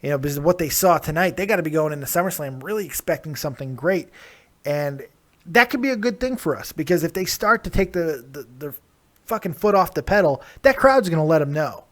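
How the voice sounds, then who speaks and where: A man with a rather high voice hosts a live call-in wrestling review show. He talks in a loose, excitable way, laughing often and swearing freely. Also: fairly quick. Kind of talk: casual wrestling talk.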